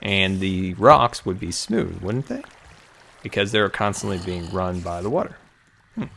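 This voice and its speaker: A young man talks his way through a building game tutorial in an easygoing, rambling way, often saying things twice. His voice sits in a middle pitch with a gravelly, fry-laden edge, and he sounds a little out of breath. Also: very animated, normal speed, a bit bright, a little hiss or hum. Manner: chatty, musing aloud, repeats phrases, chuckles. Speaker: Minecraft YouTuber. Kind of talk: casual gameplay tutorial commentary.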